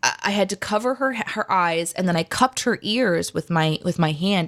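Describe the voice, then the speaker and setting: A woman's voice: fairly low pitch, normal speed, hardly any pauses. A woman in her thirties, co-hosting a casual chat and telling stories with acted-out quotes. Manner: animated storyteller, acts out quotes. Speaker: co-host reading chat.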